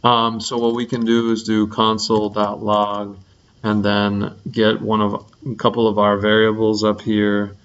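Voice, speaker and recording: A young man teaching a programming lesson in a relaxed, rambling way, full of ums and likes. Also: on the low side, measured pace, clear, resonant tone, lo-fi sound. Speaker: coding instructor.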